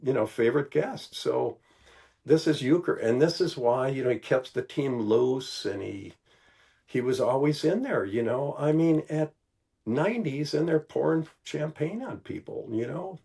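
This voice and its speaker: Older man telling stories, gravelly voice. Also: medium pitch, unhurried. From Milwaukee, Wisconsin. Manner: animated, acts out quoted voices, many "you know"s. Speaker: podcast guest. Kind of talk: casual storytelling.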